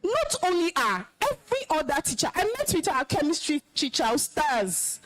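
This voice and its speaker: Nigerian woman speaker, high-pitched and emphatic, stern alumna lecturing students on discipline. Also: wildly swooping pitch, moderate pace, poor audio. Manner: scolding, commanding, emphatic. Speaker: alumna guest speaker, compere. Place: school hall, live event.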